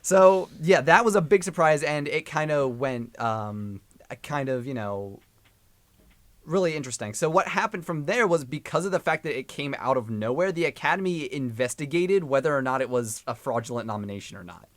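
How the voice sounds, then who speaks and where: A man's voice: on the high side, expressive, normal speed, no room sound. A young man co-hosting a movie podcast, giving context with wry, dry humor. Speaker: podcast co-host. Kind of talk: casual movie chat.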